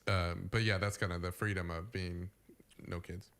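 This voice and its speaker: A man's voice: sits low, fairly even intonation, normal speed, a bit bright. A man co-hosting a morning talk show, easygoing in casual banter.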